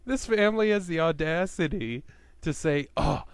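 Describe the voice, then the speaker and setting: A man's voice: on the high side, animated, slow pace, clean tone, dry recording. A man telling a profane, sarcastic rant to his webcam as a vlogger, swearing freely as he tells stories.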